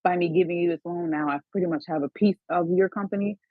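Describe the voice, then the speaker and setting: A woman's voice: lowish voice, steady tone, quick pace, dry recording. A woman calling in to a study call, thinking aloud with many fillers. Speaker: caller. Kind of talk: casual phone call. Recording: muffled phone line.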